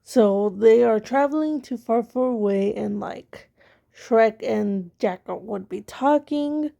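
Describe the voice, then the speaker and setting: An amateur story writer with a fairly high, mellow voice and vocal fry slowly rambles through her own story ideas. She's casual, amused at herself, and uses many fillers.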